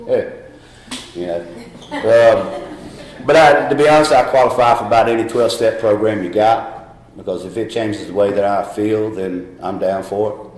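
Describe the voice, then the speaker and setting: A man's voice: lowish voice, a little mellow. Candid Southern man, echoey room. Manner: candid, rambling, laughs at himself. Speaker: recovery meeting speaker. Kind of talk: personal testimony talk.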